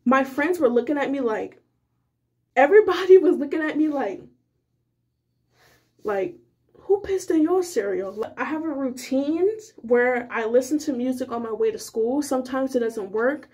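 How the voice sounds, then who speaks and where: High-voiced young woman telling a rambling story. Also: moderate pace. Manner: rambling, filler-heavy, animated retelling. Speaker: vlogger. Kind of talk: casual storytime.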